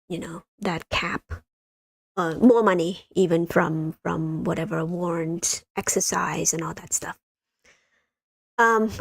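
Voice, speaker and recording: A woman's voice: on the low side, vocal fry, dry recording. A woman hosting a casual livestream, rambling with many fillers and talking straight to her viewers. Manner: rambling, many ums, addresses viewers as you guys. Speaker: livestream host.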